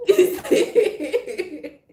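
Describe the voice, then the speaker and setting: Speaking extremely slowly, a woman with a very high, dark-toned voice and big pitch swings chats casually with her live stream viewers. The room is echoey, and she's frank, playful, quick to laugh, and blends Pidgin with English.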